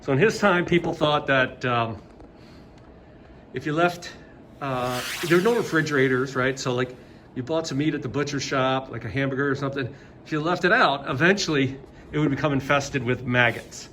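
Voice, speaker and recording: A man's voice: medium pitch, normal speed, a bit bright, a little hiss or hum. A man teaching a casual video lesson, joking and rambling with many fillers.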